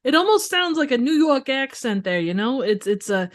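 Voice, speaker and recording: A woman guesting on a casual movie podcast, enthusiastic and quick to laugh, sometimes searching for words. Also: high voice, sing-song.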